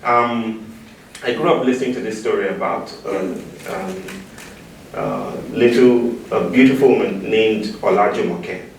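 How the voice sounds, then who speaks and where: His voice is on the low side with vocal fry, and he talks a little slowly. The Nigerian keynote speaker keeps his public talk playful, engaging the large-room audience in call-and-response, and the recording from a distant mic in an echoey hall has a little hiss or hum.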